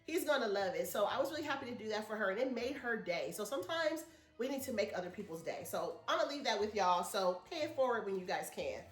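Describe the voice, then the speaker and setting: A woman's voice: mid-range voice, animated, fast, roomy sound. A woman vlogger, chatting casually and telling a rambling story to her viewers. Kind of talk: casual chat to camera.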